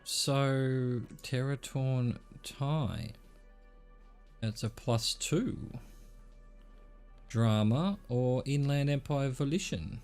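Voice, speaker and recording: A middle-aged man from Australia reads a narrative video game aloud, moving between dialogue, narration and his own offhand remarks. His voice sits at an ordinary middle pitch. Soft music plays underneath. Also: drawn-out words, pauses often, clean tone. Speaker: streamer.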